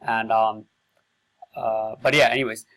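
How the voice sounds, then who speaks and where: A man's voice: fairly low pitch, little pitch movement, measured pace, a bit bright, rough recording. A man who sells digital marketing, talking casually to camera and thinking aloud in a loose, rambling way. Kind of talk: casual talk to camera about sales scripts.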